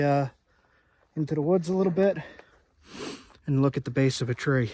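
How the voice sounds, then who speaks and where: A man's voice: on the high side, normal speed, pauses often. Breathless man vlogging outdoors. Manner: relaxed, rambling, talks to camera while walking. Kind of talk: casual narration while hiking. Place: outdoors on a hillside.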